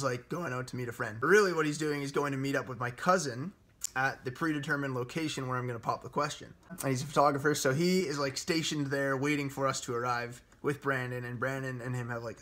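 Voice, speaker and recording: Bright-voiced young man telling a story. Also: medium pitch. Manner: animated, laughs often, quotes himself. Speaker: vlogger telling his proposal story. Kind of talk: casual storytelling chat.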